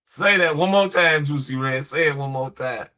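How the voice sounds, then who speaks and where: A man's voice: fairly high pitch, normal speed, sharp tone. A man talking on a late-night podcast in a blunt, slangy, emphatic way, telling stories and giving opinions. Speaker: podcast host.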